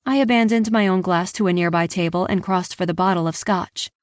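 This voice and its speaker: Reading a romance novel in the first person, this audiobook narrator has a lowish voice and a fairly quick delivery. The sound is dry and studio quality. Her storytelling stays even and engaged, while the dialogue gets some extra life.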